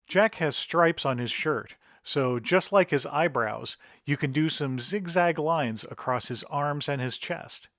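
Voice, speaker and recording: A middle-aged man talks through a drawing tutorial one step at a time, in an instructive tone. His voice sits a little higher than most men's, and the recording is dry and close. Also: measured pace, hardly any pauses, a bit bright, dry recording. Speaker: author and illustrator.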